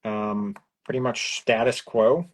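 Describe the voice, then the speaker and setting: A man in relaxed conversation, chatting as he works through a build. He talks in a loose, easygoing way and thinks out loud, with plenty of restarts. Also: lowish voice, slow pace. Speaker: co-host of a building livestream. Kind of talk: casual chat while building.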